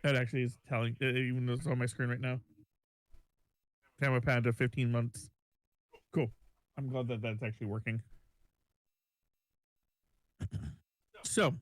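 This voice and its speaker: A man narrating a tabletop game as game master, making it up as he goes, halting and restarting. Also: medium pitch, flat delivery, no echo.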